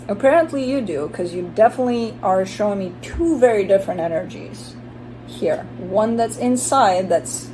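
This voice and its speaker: A woman's voice: mid-range voice, warm tone, slight background noise, poor audio. A woman giving a casual tarot reading, chatty and blunt, swearing now and then and voicing the listener's inner thoughts. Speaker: tarot reader.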